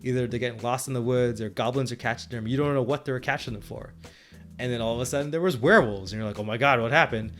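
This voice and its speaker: A man's voice: mid-range voice, quick pace, soft background music. A man co-hosting a podcast and retelling his tabletop game sessions as game master, rambling with frequent restarts and laughs. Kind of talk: casual chat.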